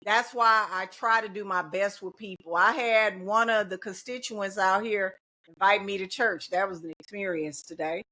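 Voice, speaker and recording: Her intonation fairly even and her tone sharp, a middle-aged woman speaks at a normal pace in a medium pitch. She's a teacher and union organizer chatting determinedly but casually on a podcast, speaking in slogans and laughing easily.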